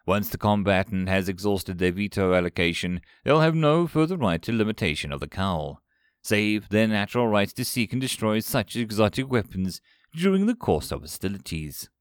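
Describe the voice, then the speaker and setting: A man's voice: fairly low pitch, very animated, normal speed, smooth, dry recording. Guy doing a stiff robot mediator, precise and officious, dry close sound. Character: cold synthetic android mediator, formal and exacting. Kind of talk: audiobook character voice.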